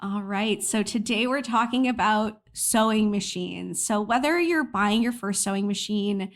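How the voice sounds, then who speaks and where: A woman's voice: medium pitch, measured pace. An American woman co-hosting a podcast in casual chat, chatty and self-deprecating, laughing often. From United States. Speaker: podcast co-host.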